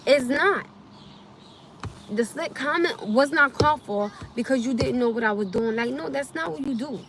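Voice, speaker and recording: A young woman vents angrily on a live stream, circling back over the same complaint again and again. Her voice sits fairly high. She talks from a parked car, with a faint vehicle hum behind her. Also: moderate pace. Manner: angry, repetitive ranting. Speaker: livestreamer.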